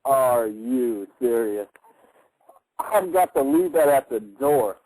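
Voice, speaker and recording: A man's voice: medium pitch, expressive, slow, darkish tone, poor audio. A man co-hosting a radio show, arguing his quiz answer in an emphatic, opinionated way. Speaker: quiz contestant and co-host. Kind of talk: casual radio chat.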